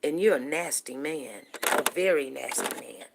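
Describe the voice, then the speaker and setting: A middle-aged woman hosting a show, casually telling a personal story to her viewers, animated and repeating herself as she talks to them directly. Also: very deep voice, moderate pace, gravelly, very noisy. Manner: animated, repeats words, asks listeners "you know what I'm saying".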